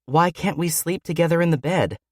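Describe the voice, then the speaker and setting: A man voicing a hurt, defiant young woman in an audiobook, speaking softly but pointedly. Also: a little high, brisk, dry recording, clean studio sound, voice pushed up, natural voice. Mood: pleading.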